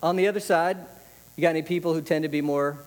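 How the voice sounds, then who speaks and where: Speaking quickly and with fairly even intonation, a male pastor gives an informal, conversational sermon built on repeated phrases that drive his points home. His voice runs a little high for a man, and the church hall around him adds a long, ringing reverb.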